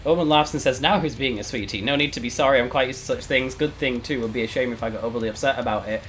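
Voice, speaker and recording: A man streaming a text adventure game, reading it aloud and reacting with sudden loud outbursts. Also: medium pitch, quick pace. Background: faint background music.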